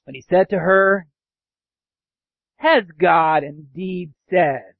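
A pastor preaching a sermon, animated, sometimes acting out sarcastic voices. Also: male voice, high-pitched, slow pace, vocal fry, dry recording. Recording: dull dry lo-fi sound.

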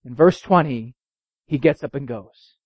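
A man preaching a sermon, telling a story and reading scripture, his voice swinging from loud and high to low and quiet. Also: a little slow, breathy edge, dry recording. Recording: dull, dry lo-fi recording.

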